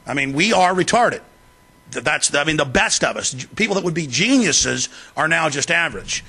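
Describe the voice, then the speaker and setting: A man hosting a talk show, delivering rapid, forceful political commentary with heavy emphasis. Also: fairly high pitch, animated.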